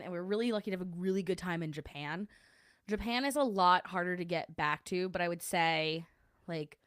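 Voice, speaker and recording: Chatty woman host, slightly low voice. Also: a bit bright, smooth, dry recording, clean studio sound. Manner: chatty, laughing, rambling with many likes. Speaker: podcast host. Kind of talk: casual lunch-break chat.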